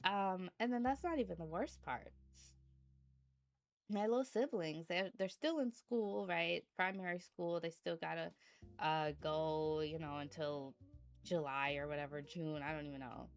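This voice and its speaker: A young woman streamer talks slowly in a low-set, drowsy voice, telling a story to her chat with frequent laughter. She yawns through it and slips into playful mock outrage, with faint music playing behind her. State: sleepy, yawning. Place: indoors at home.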